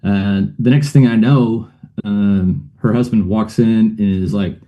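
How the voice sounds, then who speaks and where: A man's voice: on the low side, fairly even intonation, unhurried, dull audio. A middle-aged man, a guest on a show, telling a personal story in a rambling way, with many fillers and uneasy laughs.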